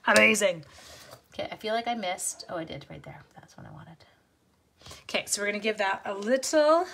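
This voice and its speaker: A woman's voice: medium pitch, fairly bright tone, a little hiss or hum. A woman, chatting casually as she hosts a craft demo and talks to viewers between steps. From Canada. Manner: chatty, giggly, with asides to viewers. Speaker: craft demonstrator and host.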